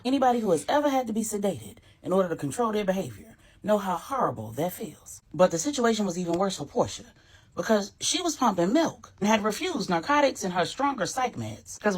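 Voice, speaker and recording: A woman narrating a grown-up bedtime story in a colloquial, animated way. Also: medium pitch, slightly rough, poor audio.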